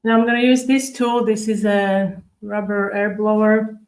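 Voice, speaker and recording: A woman hosts a live baking tutorial, talking viewers through each step as she decorates at her table. Her voice stays level, with little rise and fall, and she speaks in a chatty, unhurried way. She answers viewer comments as she works. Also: mid-range voice, flat delivery, a little mellow, rough recording. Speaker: cookie decorating livestream host.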